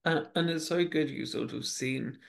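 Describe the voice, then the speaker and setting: A man's voice: a little high, moderate pace, gravelly. A man hosting a podcast in casual chat, rambling with many restarts and fillers. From United Kingdom. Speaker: podcast host.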